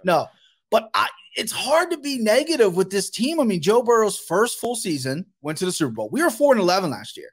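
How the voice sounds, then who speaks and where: A man on a podcast vents about his team in a lively, profane rant. His pitch swings widely as he gets worked up. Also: fairly quick, breathy edge. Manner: animated, profane, ranting fan. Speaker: guest. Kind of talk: casual sports podcast chat.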